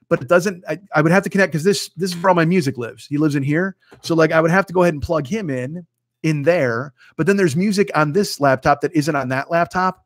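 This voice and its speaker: A man in his fifties, sitting a touch higher in pitch than most men, rambles through a casual livestream chat with viewers. He swears freely and mocks himself. The sound is dry and close, with almost no room in it. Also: no echo. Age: 50s. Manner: profane, rambling, self-mocking. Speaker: host. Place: home studio with green screen.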